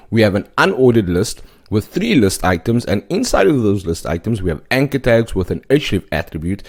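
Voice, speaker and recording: Man teaching web code, low voice. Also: darkish tone. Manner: explanatory, often tags points with "okay?". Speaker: web development instructor. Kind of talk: scripted tutorial narration.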